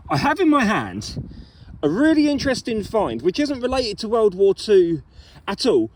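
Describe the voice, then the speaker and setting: A man metal detecting outdoors, chatting playfully to camera and mock-scolding his finds. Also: high voice. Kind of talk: casual talk to camera while detecting. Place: outdoors in a field.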